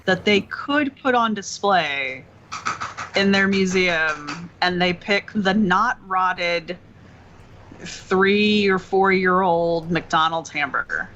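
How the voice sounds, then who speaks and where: A podcast co-host in casual chat, talking slowly and drawn out, easily grossed out. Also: medium pitch, pushed and bright. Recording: dull lo-fi sound with faint noise.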